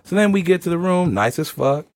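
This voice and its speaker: A man telling a comic story to friends, animated and slangy, often breaking into laughter. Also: on the high side, a little fast. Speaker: storyteller reading a thread to friends.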